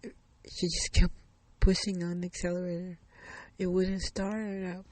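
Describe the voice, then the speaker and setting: A woman's voice: on the low side, flat delivery, a little slow, darkish tone, dry recording. A woman telling a dramatic story in a casual, emotional way, repeating herself and exclaiming as she goes.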